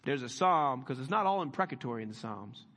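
A pastor preaching a sermon in a folksy, conversational way, rising to emphatic swells. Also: male voice, mid-range voice, expressive, a little fast, a bit bright, long reverb tail.

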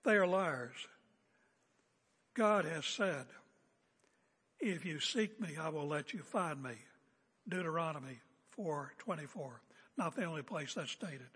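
A man's voice: on the high side, expressive, unhurried, a bit bright, slightly rough. A man preaching a sermon as a pastor, emphatic and confrontational, hammering home repeated phrases. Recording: echoey hall with long reverb.

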